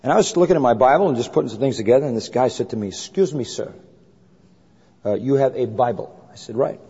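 A man's voice: mid-range voice, quick pace, husky. A man preaching a sermon, telling a story and acting out both sides of a conversation. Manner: animated storyteller acting out dialogue. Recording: muffled hall recording with long reverb.

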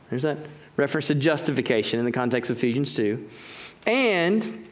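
A man preaching a teaching sermon, emphatic and conversational, slowing down to stress key phrases. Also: mid-range voice, animated.

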